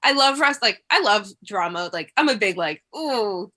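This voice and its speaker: A woman chatting casually and gushing, her speech full of fillers. Her voice is bright and mid-pitched. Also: expressive, normal speed. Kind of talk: casual chat.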